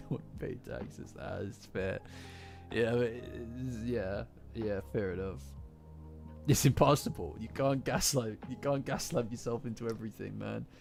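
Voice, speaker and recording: A man's voice: medium pitch, a little slow, creaky. A man casually chatting with his live-stream chat, rambling and swearing, often breaking into laughter. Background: faint lofi music.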